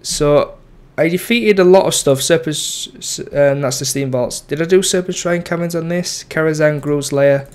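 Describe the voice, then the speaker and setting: A man's voice: fairly high pitch, moderate pace, hardly any pauses, clean tone. A young man giving casual, rambling commentary over his game, full of ums and self-corrections. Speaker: gaming YouTuber.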